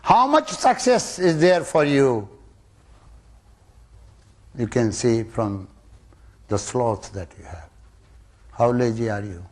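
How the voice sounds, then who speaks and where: A man giving a spiritual discourse to students, emphatic and full of rhetorical questions, jumping from loud rises to soft drops. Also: mid-range voice, big pitch swings, takes it slowly, pauses often. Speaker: spiritual teacher.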